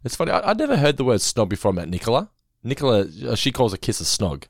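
A man's voice: mid-range voice, quick pace. A man, co-hosting a podcast and casually recapping a cartoon episode. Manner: relaxed, recapping, chuckles often. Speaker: podcast co-host.

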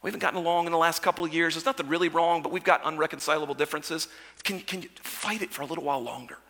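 A pastor preaches a sermon in a church sanctuary, speaking rapid-fire in a fairly high voice. His conversational preaching swings between loud, lively storytelling and quiet, intimate, personal asides. The sanctuary gives the recording a long reverb.

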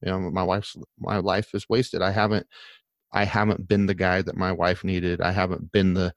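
A man's voice: low voice, little pitch movement, moderate pace, no room sound. A man telling a long personal story in casual conversation, rambling and candid, with many fillers and restarts, earnest and emotional.

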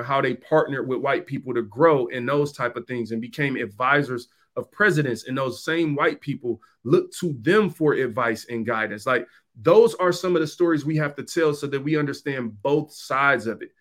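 A man hosting a podcast, talking straight to listeners in an emphatic, slangy monologue and repeating points for stress. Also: medium pitch. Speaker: podcast host. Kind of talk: conversational monologue.

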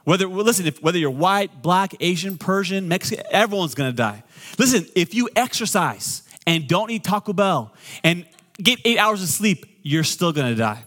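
A middle-aged man, a pastor, preaching a sermon with joking asides, swinging between loud and quiet. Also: high voice, lively intonation, moderate pace.

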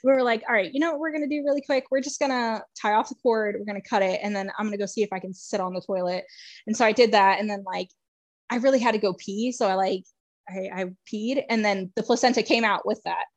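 A woman guest telling a personal story in a casual, chatty way, filled with "like" and frequent laughter, moving between excitement and hushed emotion. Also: mid-range voice, fast talker, no echo. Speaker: podcast guest.

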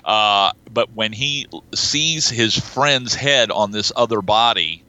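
A man's voice: lowish voice, takes it slowly, dull audio. A man co-hosting a film podcast, chatting casually and acting out lines he quotes. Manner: animated, acts out quoted lines. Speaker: podcast co-host.

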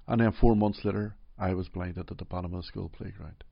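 Deep gravelly Derry man, reflective. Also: fairly even intonation, fairly quick, no room sound, highs cut off. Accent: Derry, Northern Irish. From Northern Ireland. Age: middle-aged. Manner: gentle, reflective, frequent "you know". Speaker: interview guest. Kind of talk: personal storytelling in an interview.

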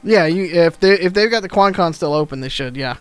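A man's voice: high-pitched, animated, brisk, clean tone. A man running a tabletop game as game master, talking with hesitant fillers.

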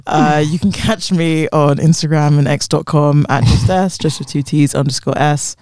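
A man's voice: a little high, fairly even intonation, moderate pace, gravelly, a little mellow, dry recording, studio quality. A young man co-hosting a casual podcast, blunt and wry, with lots of fillers. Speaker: podcast co-host. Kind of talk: casual chat.

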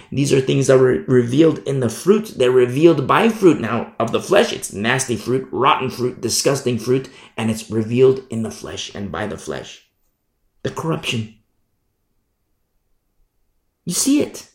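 A man preaching a sermon as pastor, emphatic, swinging from loud declarations to hushed asides and mimicking sinners' excuses. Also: mid-range voice, big pitch swings, measured pace, vocal fry, roomy sound.

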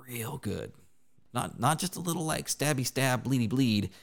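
A man, co-hosting a casual hobby podcast and telling stories with lively acted-out quotes. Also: medium pitch, normal speed, vocal fry. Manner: animated storyteller, acts out quotes loudly. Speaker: podcast co-host. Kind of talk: casual chat.

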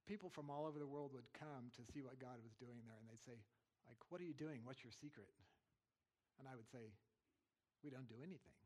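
Middle-aged American man, missionary preacher, earnest conversational testimony delivery, mid-range pitch. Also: a little mellow. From United States. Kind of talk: testimony sermon.

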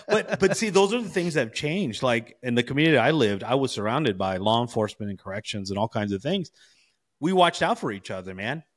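A man in his forties from California, chatting on a podcast with a middle-range voice. He spins loose, animated stories and keeps dropping slangy asides to his co-host. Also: medium pitch, brisk. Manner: animated storyteller, slangy with bro and you know. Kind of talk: casual chat.

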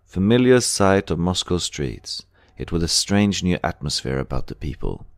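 A man reading a memoir aloud as an audiobook narrator, in a measured, unhurried way. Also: low voice, very animated, no echo, studio quality. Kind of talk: scripted narration.

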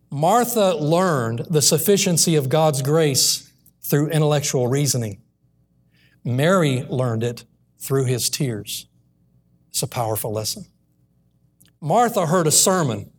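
A man preaching a sermon in a church, reading scripture aloud and slowing down earnestly on the key lines. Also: a little high, a little mellow.

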